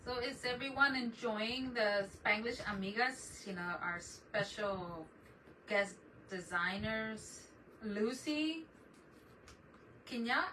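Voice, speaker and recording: A woman's voice: a little high, slow, bright, forceful tone. Chatty woman streaming from a distant mic. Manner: rambling, chatty, greets viewers by name. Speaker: crafting channel host. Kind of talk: casual live-stream chat. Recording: distant mic with noticeable background noise.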